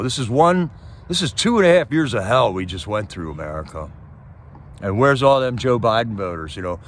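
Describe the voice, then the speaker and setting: A man hosting a livestream, ranting about politics in a casual, impassioned way and firing off rhetorical questions while answering his chat. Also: medium pitch. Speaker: livestream host reading chat.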